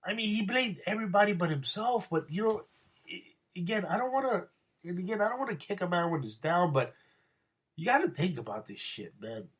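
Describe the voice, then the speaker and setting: Rambling, profane man with a higher voice. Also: expressive, brisk, a bit bright, slightly rough. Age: adult with wife. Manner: rambling, profane, frequent restarts. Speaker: boxing podcast host. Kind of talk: casual opinion monologue.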